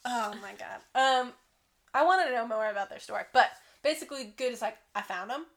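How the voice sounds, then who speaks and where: A woman's voice: fairly high pitch, expressive, brisk. A young woman co-hosting a podcast, casually recapping a film and swearing freely. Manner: laid-back retelling, swears freely. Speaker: podcast co-host.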